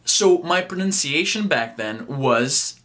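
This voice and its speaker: Bright-voiced man vlogging casually. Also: fairly high pitch, expressive, slow pace. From Brazil. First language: Portuguese. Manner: chatty and rambling, with frequent restarts and casual swearing. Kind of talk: casual vlog talk to camera.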